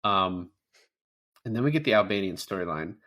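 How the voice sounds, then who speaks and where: A man's voice: sits low, lively intonation, moderate pace, pushed and bright. A man co-hosting a podcast, chatting casually about a movie, swearing freely and acting out lines from scenes. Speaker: podcast co-host. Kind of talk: casual film review chat.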